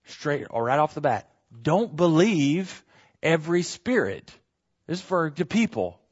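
A man's voice: on the high side, sing-song, measured pace, husky, highs cut off. A man preaching a sermon, repeating words for emphasis and often asking "right?" as he teaches. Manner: repetitive emphatic preaching with frequent tag questions.

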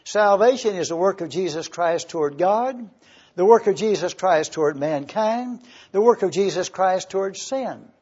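A man preaching a sermon in a church, teaching slowly and emphatically and spelling out words for his congregation. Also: high-pitched, expressive, a little mellow, husky, dull audio. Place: church hall with a screen.

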